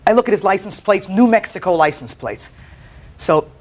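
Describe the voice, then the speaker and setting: A man testifying as plaintiff on a courtroom show, telling his story in an animated way, often stammering and repeating words. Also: sits high, moderate pace. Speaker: plaintiff in a TV small-claims case. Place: TV courtroom set.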